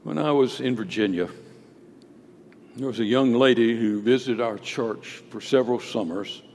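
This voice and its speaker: A male pastor preaching a sermon, emphatic, swinging between loud declarations and hushed storytelling. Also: medium pitch, normal speed. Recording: long hall reverb with faint background noise.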